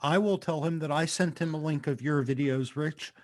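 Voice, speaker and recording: A middle-aged man with a slightly high voice co-hosting a comedy chat over a video call. He teases his guest in a deadpan way and tells stories at an easy pace. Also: normal speed. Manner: teasing, deadpan storyteller. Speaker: podcast co-host.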